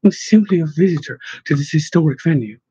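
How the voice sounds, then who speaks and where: A man doing a courteous woman sleuth with formal, old-world phrasing, inquisitive and calm. The husky voice sits close and dry, and the recording sounds slightly dull. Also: low voice, a little fast, no echo. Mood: curious. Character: polite, curious woman investigator. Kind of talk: audiobook narration.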